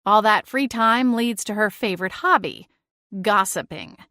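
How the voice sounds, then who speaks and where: A woman's voice: medium pitch, animated, unhurried, pushed and bright, no echo, studio quality. A woman narrating a cozy first-person audiobook, reading expressively and acting out exasperated dialogue.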